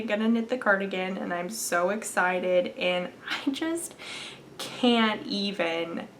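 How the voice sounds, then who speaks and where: A woman's voice: medium pitch, a little hiss or hum. A young woman hosting a knitting podcast, chatting casually and gushing about yarn, sometimes dropping into a whisper. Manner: gushing and enthusiastic, drops into whispers. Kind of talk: casual show-and-tell chat.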